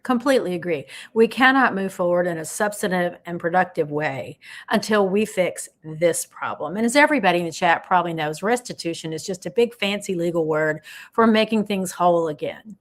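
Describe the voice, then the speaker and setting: A woman's voice: fairly low pitch, expressive, a little fast, hardly any pauses. A woman co-hosting a live stream, speaking earnestly and explaining legal terms in plain words. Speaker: podcast co-host. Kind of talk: casual live-stream chat.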